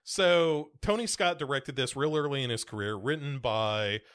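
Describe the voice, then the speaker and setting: This is casual podcast chat from an American male co-host who rambles, restarting sentences and leaning on fillers. He talks at a normal speed in a mid-range voice that's a bit bright.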